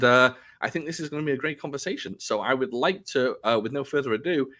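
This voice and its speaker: A man's voice: medium pitch, a bit bright. A man hosting a casual interview podcast, rambling a little and interrupting himself with fillers. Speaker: podcast host.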